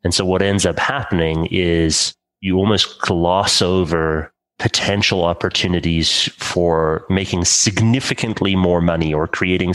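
Man, very low voice, host, thoughtful long questions. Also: fairly bright tone, rough recording. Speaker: podcast host. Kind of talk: interview questions.

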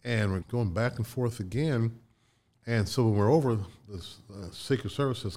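An older man from Indiana, a guest in a casual interview, tells animated anecdotes with restarts and laughs. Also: fairly low pitch, normal speed. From Indiana, USA.

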